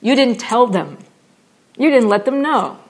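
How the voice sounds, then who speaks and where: A woman giving a spiritual talk that ties meditation to acting, playful and animated, often dropping to a soft, slow voice for repeated phrases. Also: a little high. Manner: drops to soft, slow repetition when guiding meditation. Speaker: teacher.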